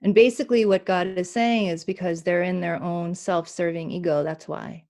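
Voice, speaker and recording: On a talk show, a woman healer delivers a spiritual reading in a lowish voice at a moderate pace. She is animated, laughing a lot and voicing the inner voices she describes.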